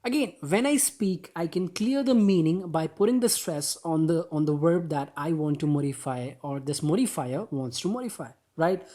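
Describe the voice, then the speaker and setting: A man gives an upbeat English grammar lesson, calling his viewers guys and posing rhetorical questions. He slows down to stress words in his example sentences. His voice is on the high side, animated and warm.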